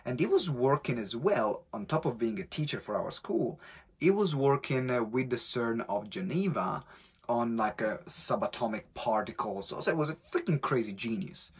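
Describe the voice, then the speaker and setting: A man's voice: mid-range voice, moderate pace, husky. A man with an Italian accent, hosting a motivational live stream as a business coach, telling stories energetically and acting out quotes. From Italy. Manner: energetic, animated storytelling with acted-out quotes.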